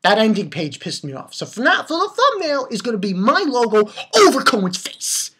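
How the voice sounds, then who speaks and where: Fired-up woman with a husky voice. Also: on the high side, big pitch swings, normal speed, a bit bright. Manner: heated, profane, blunt; repeats phrases for emphasis. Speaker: anime reviewer. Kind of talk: ranting manga chapter review.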